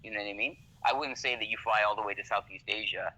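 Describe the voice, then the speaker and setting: A man's voice: on the low side, fast, pushed and bright, muffled recording. A man from Canada, a podcast guest talking casually, swearing freely and often checking "you know what I mean". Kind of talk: casual conversation.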